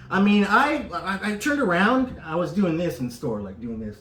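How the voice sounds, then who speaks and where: A man's voice: sits high, normal speed, few pauses. Profane storytelling man, roomy echo. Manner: profane, animated, acts out the people in his story. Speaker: podcast co-host. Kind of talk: casual storytelling.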